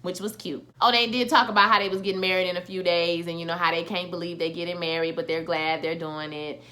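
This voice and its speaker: A woman talking through a TV episode recap in a loose, chatty way, full of slang and little fillers. Her voice is bright and sharp, with a forward edge. She keeps it casual and conversational throughout. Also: fairly low pitch, fairly even intonation, fast talker. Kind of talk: casual spoken recap and review.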